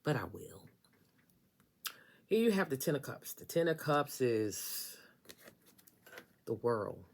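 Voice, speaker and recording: A woman's voice: rumbling low, sing-song, slow pace, a little mellow. A woman giving a casual tarot reading, talking straight to the listener in an emphatic, sassy way and repeating phrases for effect. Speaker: tarot reader.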